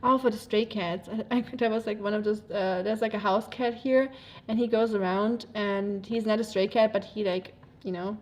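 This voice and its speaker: A woman's voice: medium pitch, darkish tone. A woman with a German accent, a native German speaker, chatting casually on a livestream, rambling with many fillers and frequent laughs. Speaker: livestreamer reading chat.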